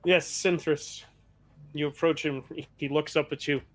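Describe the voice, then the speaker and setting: A man's voice: a little high, steady tone, a little slow. A man running a tabletop game on a stream as game master, casually narrating actions and talking to chat.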